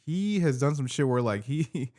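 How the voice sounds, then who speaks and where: A man's voice: medium pitch, expressive, normal speed, a little mellow. A man hosting a podcast in a casual, laid-back chat, swearing easily and laughing along with his guest. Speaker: podcast host.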